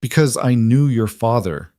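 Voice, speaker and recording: A man as a quiet, matter-of-fact rancher. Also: medium pitch, animated, a little slow, no room sound, clean studio sound, natural voice. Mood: earnest.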